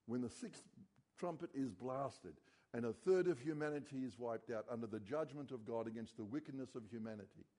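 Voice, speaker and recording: A man preaching a sermon as pastor, earnest and dropping low and quiet on key words.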